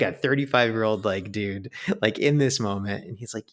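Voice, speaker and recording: A man's voice: fairly low pitch, a little fast, few pauses. A man, a podcast guest, telling a personal story in a chatty way, full of filler words. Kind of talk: storytelling in an interview.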